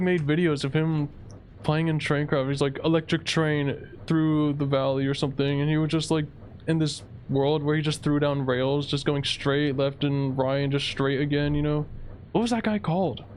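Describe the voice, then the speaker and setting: A man's voice: fairly high pitch, a little hiss or hum. A young man giving rambling, casual commentary over his own gameplay, saying "dude" a lot. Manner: rambling, laid-back, says "dude" a lot. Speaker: gaming video creator. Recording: faint game music behind. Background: game music.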